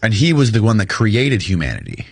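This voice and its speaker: A man hosting an interview, asking clarifying questions in a halting way with restarts. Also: on the low side, huge pitch swings, gravelly, husky, no room sound. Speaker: interview host.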